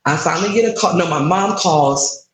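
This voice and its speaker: A woman's voice: on the low side, moderate pace, echoey room, rough recording. A woman in her thirties candidly recounting a frustrating personal experience in an interview, with emotion in her voice. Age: 30s. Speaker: guest sharing her story.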